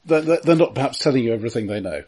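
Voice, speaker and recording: A man's voice: mid-range voice, expressive, rapid-fire, a little mellow, a little hiss or hum. A man playing a tabletop game in character, hesitant and stammering. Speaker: player. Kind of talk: in-character tabletop role-play.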